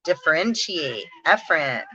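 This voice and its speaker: A woman hosting a casual metaphysical talk, reading long word lists aloud slowly and giggling between them. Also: low-pitched, big pitch swings, pushed and bright, muffled recording, a little hiss or hum. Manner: slow, drawn-out word reading with frequent giggles. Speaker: spiritual channel host.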